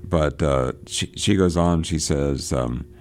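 Reading aloud from a novel and talking it over, the host of a literary radio show stumbles along with frequent fillers and false starts. His voice is a low rumble.

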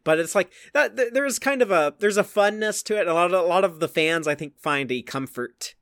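A chatty man with a bright, forceful, slightly high voice talks casually as a podcast host, reviewing an episode and leaning on "like" between thoughts. His voice sits close and dry on the mic, with no room around it. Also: expressive, brisk, dry recording. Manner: chatty, fills speech with "like".

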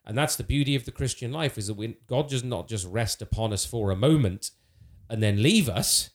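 Speaking briskly in a mid-range voice, a man takes part in a conversational theological discussion on a faith podcast. He comes across as earnest and reflective, with lots of fillers and restarted sentences.

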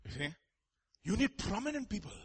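A man's voice: high-pitched, big pitch swings, brisk, fairly bright tone, husky. A man preaching a sermon, emphatic, full of rhetorical questions and joking asides to the congregation.

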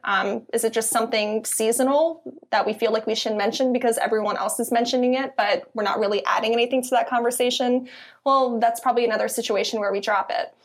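Young philly woman, kinda high voice, chatty, lots of um and you know. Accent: Philadelphia. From Philadelphia. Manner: chatty, many ums and you-knows, laughs easily. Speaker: guest, content editor. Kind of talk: casual interview conversation.

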